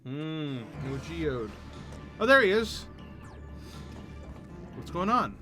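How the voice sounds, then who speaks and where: A man's voice: a little high, sing-song, slow pace, bright, forceful tone, soft background music. A male streamer chatting casually and swearing as he reads quest text aloud during play. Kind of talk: casual game commentary.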